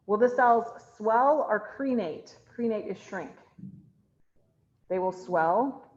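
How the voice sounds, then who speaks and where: This woman, a chemistry instructor, lectures online in an expressive, medium-pitched voice, taking it slowly. She chats with the class, asking questions and answering them herself, over slightly dull, lo-fi audio from a video-call computer mic.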